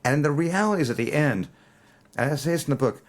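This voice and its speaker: A man in his sixties, a musician guest, telling stories in an interview, animated and acting out quoted lines. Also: on the high side, fast. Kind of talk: storytelling interview.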